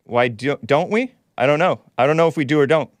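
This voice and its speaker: A man's voice: fairly high pitch, brisk, no echo. A man hosting a call-in show, combative and mocking as he trades barbs with a caller. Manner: mocking, combative, name-calling. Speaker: talk show host.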